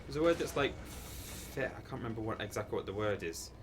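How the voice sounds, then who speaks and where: A man's voice: on the low side, lively intonation, fairly quick, background noise. A man in casual livestream chat, rambling and self-deprecating as he plays and reads chat aloud. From England. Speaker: streamer playing a game.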